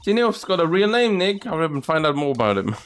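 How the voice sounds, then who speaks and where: A man voicing a perky young female sidekick from a game, talking in a high, playful, teasing way. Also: big pitch swings, fast, a bit bright, clear, resonant tone, soft background music.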